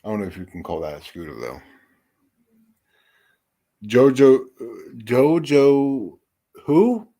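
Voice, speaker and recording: A man's voice: mid-range voice, big pitch swings, slow pace, pauses often, mellow. A young man hosting a casual live chat, rambling and cursing, self-deprecating about being unsure what to do. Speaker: livestream host. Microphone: phone or headset mic.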